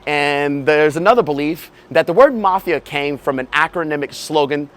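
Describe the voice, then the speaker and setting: A man giving a walking tour outdoors, animated, casual and profane. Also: fairly high pitch, moderate pace. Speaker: tour guide. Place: outdoors on a city street.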